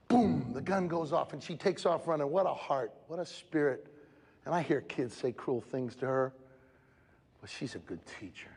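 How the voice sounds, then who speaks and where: A man giving an energetic, emphatic motivational speech at a school assembly, speaking straight to the students. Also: fairly high pitch. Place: school gym or auditorium. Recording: echoey hall, crowd noise. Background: student audience.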